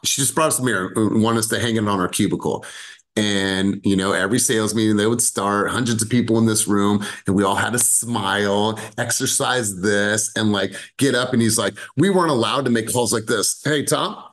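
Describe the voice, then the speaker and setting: A man leading a sales team over a video call, talking with lively energy and casual swearing. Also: a little fast. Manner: animated, swears casually, acts out sales pitches. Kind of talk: energetic coaching talk.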